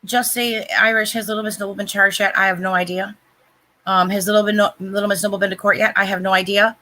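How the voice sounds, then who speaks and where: A woman telling a story in casual chat, animated and emphatic, acting out the dialogue as she quotes it. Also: medium pitch, quick pace, rough recording.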